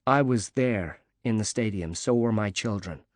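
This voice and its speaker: A male narrator voicing a grateful widowed father recovering from injury, speaking softly and haltingly. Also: on the low side, dry recording, studio quality, natural voice. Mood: moved, grateful. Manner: soft, halting, moved.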